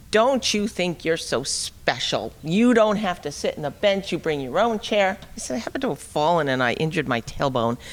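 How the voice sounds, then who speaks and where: A middle-aged woman giving an animated, wry storytelling talk at a forum, acting out the dialogue as she goes. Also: low voice. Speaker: speaker at a liberty forum. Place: conference hall. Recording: long reverb of a hall.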